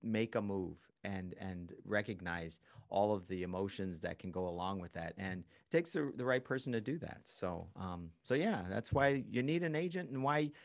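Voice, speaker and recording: A man with a somewhat low voice talks shop in a loose, friendly podcast conversation. He laughs easily and gets animated when he acts out what people say. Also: moderate pace, hardly any pauses. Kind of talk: casual conversational chat.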